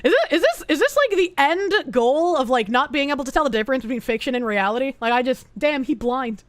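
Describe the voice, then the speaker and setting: A high-pitched woman streaming from home, ranting to her chat with lots of swearing and sudden gasps. Her voice is close and dry on a desk mic, with no room sound around it. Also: expressive, dry recording. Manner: profane, exasperated, quick to gasp and laugh. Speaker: streamer reading chat and posts. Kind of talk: casual livestream chat.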